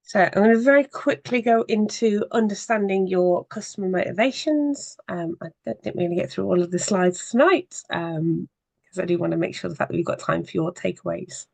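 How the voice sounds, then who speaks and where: A social media marketing trainer giving an evening workshop presentation, explaining in a conversational way with frequent pauses. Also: medium pitch, steady tone, creaky, dry recording.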